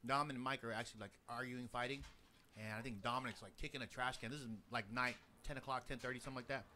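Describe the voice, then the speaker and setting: A young man talks fast in a bright, lively voice. He tells an animated story, acting out quotes and sound effects and swearing freely. A faint hiss sits under the recording. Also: medium pitch. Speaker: podcast co-host. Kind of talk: casual chat.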